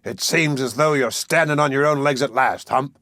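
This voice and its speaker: A man's voice: medium pitch, moderate pace, sharp tone, dry recording, clean studio sound, natural voice. A man voicing a blind, brutal sea captain who speaks in a sneering, threatening way. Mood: menacing.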